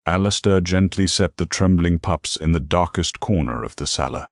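A man narrating a fantasy story in a dramatic, measured style. His voice is extremely deep, and the recording is dry and close. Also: no room sound. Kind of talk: scripted narration.

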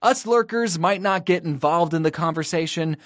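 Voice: mid-range voice, moderate pace, no room sound, studio quality. A creator in their twenties narrating a scripted video in a wry, self-mocking way, with playful asides. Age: 20s. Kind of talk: casual scripted commentary.

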